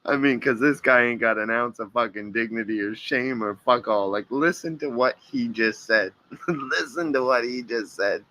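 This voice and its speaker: Sarcastic man with a bright, forceful voice. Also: mid-range voice, moderate pace, no room sound. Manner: profane, sarcastic, taunting. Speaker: reaction video host. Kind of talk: mocking commentary over clips.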